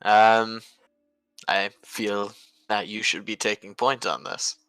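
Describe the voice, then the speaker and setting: A man playing a tabletop game, speaking in character with formal, measured wording. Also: lowish voice, steady tone, sharp tone, clean tone, no room sound, rough recording. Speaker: player. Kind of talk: casual in-character role-play.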